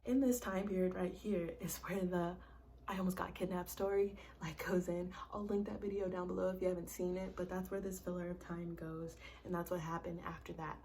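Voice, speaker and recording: A young woman with a gravelly, fry-laden voice tells a storytime vlog in blunt, profane everyday speech. She fills her talk with "like" and "bro" and now and then drops to a hushed whisper. Her voice sits a little back from the mic. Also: on the low side, steady tone, brisk, recorded from a distance, slight background noise. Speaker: vlogger. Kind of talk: casual storytime.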